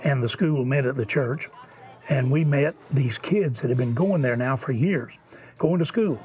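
A man hosting a ministry broadcast, telling a story and earnestly pleading for donations, sometimes dropping to a soft near-whisper. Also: mid-range voice, unhurried. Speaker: ministry host making a donation appeal. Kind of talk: earnest fundraising appeal and storytelling.

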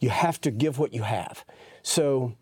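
A man's voice: medium pitch, measured pace, slightly rough, no room sound, clean studio sound. An older man, a guest telling folksy stories and laughing as he goes. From East Texas. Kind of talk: storytelling testimony.

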